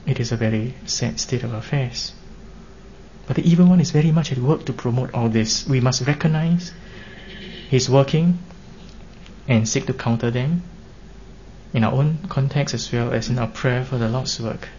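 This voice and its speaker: A man's voice: medium pitch, a little mellow. Earnest male preacher, dull lo-fi recording. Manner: earnest, measured, with emphatic rises. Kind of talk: sermon. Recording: dull lo-fi recording with faint hiss.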